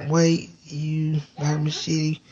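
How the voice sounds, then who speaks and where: A woman's voice: low voice, completely flat delivery, takes it slowly, warm tone, dull audio. A woman chatting casually on a live stream from home into a phone, rambling and swearing in a playful way. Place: indoors at home.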